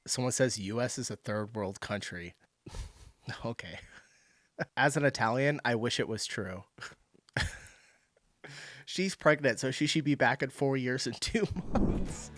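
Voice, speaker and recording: A man's voice: medium pitch, expressive, slow pace, pauses often, a bit bright. A man hosting a reaction video, reading comments aloud in a casual, amused way and laughing often.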